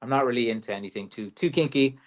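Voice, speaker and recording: An Irish man hosts a casual livestream, answering viewer questions about his walking sticks. He is chatty and jokey, with plenty of ums and uhs. His voice sits at an ordinary middle pitch. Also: fast. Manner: chatty, joking, loose with fillers.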